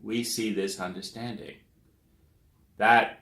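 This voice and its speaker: A man's voice: on the low side, steady tone, takes it slowly, fairly bright tone, echoey room. A man giving a rambling lecture, trailing off into fillers and "da, da, da.". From United States. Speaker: speaker on relationships.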